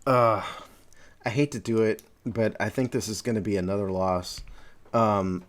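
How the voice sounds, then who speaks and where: A man's voice: fairly low pitch, steady tone, normal speed. A man co-hosting a casual sports podcast, talking hesitantly with many fillers and restarts. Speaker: podcast co-host.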